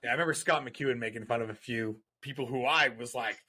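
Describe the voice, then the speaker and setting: A man's voice: mid-range voice, quick pace, bright, forceful tone. A man hosting a casual podcast, chatting easily and often answering with short agreeing words. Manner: laid-back, many short agreeing interjections. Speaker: podcast host. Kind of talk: casual chat.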